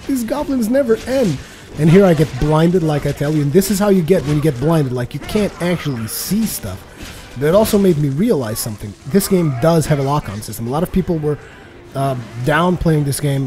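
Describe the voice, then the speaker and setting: A man giving casual, rambling voice-over commentary on his own gameplay, excitable and quick to swear. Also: mid-range voice. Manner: rambling and excitable, swears freely, repeats words. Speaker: let's play commentator.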